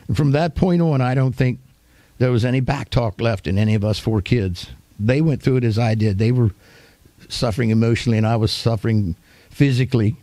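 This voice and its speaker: An older man, a pastor, giving a storytelling sermon in a folksy, homespun manner with animated retelling. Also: fairly low pitch, no room sound.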